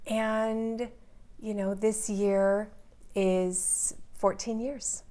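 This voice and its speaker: A woman in her forties speaks as an interview guest, recounting her own story in vivid, earnest detail. Her pitch sits at an ordinary middle height for a woman. She lets the intensity climb as the story unfolds. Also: flat delivery, extremely slow, dark tone.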